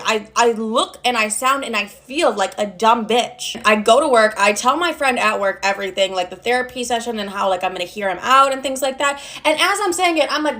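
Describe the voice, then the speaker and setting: A young woman telling a story in a casual, animated way, blunt and full of swearing. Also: a little high, a little fast, few pauses.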